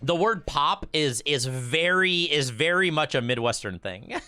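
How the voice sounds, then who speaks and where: Bright-voiced Michigan man streaming. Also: on the high side, lively intonation, measured pace, clean tone, dry recording. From Michigan, USA. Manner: chatty, stammers and repeats words. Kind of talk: casual gameplay streaming chat.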